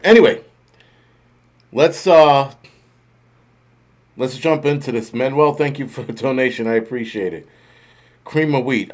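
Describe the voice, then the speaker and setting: A middle-aged man hosts a casual livestream in a darkish tone, rambling and cursing in almost every sentence. After joking about getting old, he drifts into the news just as loosely and profanely, his voice climbing high when something riles him.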